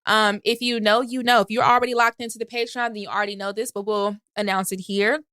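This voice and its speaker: Sassy woman cohost reading comments, smooth clear voice, close dry mic. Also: medium pitch, little pitch movement, quick pace, a bit bright, no echo. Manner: joking, sassy, laughing. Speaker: podcast co-host. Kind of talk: casual chat reading listener comments.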